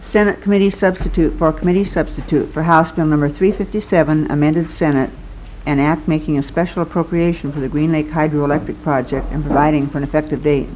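A senate clerk reading amendments and bill titles aloud in a slow, deliberate way. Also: medium pitch, steady tone, darkish tone, slight background noise, poor audio. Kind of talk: formal reading of bills.

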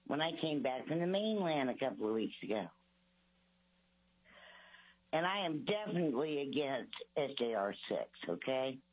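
A woman's voice: deep voice, slightly rough, dull audio. An older woman from Alaska giving blunt, exasperated public testimony, mocking the legislators she criticizes.

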